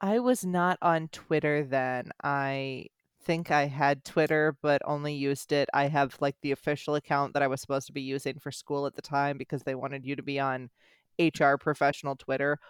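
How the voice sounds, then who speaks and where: A young American speaker in their twenties chatting casually on a podcast, telling stories in a quick, animated way with frequent restarts. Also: medium pitch, clean tone, no echo, clean studio sound. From United States. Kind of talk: casual chat.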